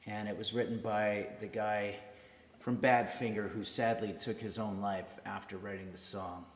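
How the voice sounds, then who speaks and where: A man hosting a cooking stream, chatting casually and hesitantly to viewers with many pauses and fillers. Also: lowish voice, fairly even intonation, echoey room, in a large hall. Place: home kitchen streaming setup.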